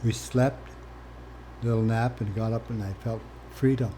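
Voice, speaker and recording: Fairly low in pitch and unhurried, this older Canadian man, formerly a First Nations chief, tells his life story while being interviewed. His delivery is candid and straightforward, sometimes quiet, sometimes animated, and a little hiss or hum sits under the audio.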